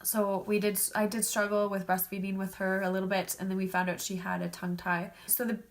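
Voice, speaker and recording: A woman's voice: medium pitch, flat delivery, a little fast. A woman in her thirties with a stuffed-up nose, chatting casually to camera as a vlogger and filling her talk with "like" and "um". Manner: chatty, lots of "like" and "um". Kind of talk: casual storytelling vlog.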